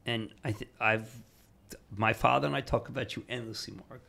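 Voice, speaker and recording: An older man telling animated stories as a podcast guest, excitable, bursting into fast runs and acting out other people's lines. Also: mid-range voice, creaky. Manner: excitable, fast bursts, acts out quoted voices. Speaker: guest, TV financial personality. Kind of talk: animated storytelling in a podcast interview.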